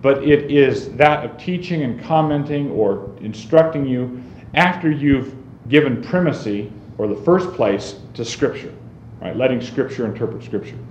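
A man's voice: mid-range voice, lively intonation, a little slow, a little mellow. Man teaching conversationally in a roomy space. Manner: conversational, often asks "right?". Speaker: Bible teacher. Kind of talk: teaching talk on Bible reading. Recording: roomy, slightly dull recording with faint noise.

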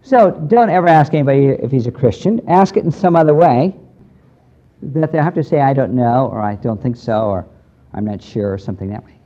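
A man's voice: mid-range voice, lively intonation, brisk, dark tone. An older man from the United States preaching a sermon in an earnest, plain-spoken way that rises into emphatic preaching. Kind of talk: sermon with a storytelling tone. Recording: dull lo-fi recording.

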